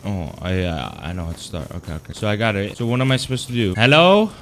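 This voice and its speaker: Excitable swearing gamer guy. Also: fairly low pitch, fast talker, a little hiss or hum. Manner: excitable, swears, yells in sudden outbursts. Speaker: gaming YouTuber. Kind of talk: casual game commentary.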